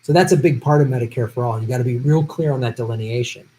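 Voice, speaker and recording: Man, casual political stream host, loose profane chat, average pitch. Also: fast, dark tone, slight background noise, poor audio. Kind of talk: casual livestream chat, reading viewer comments. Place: home streaming setup. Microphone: earpiece with improvised audio setup.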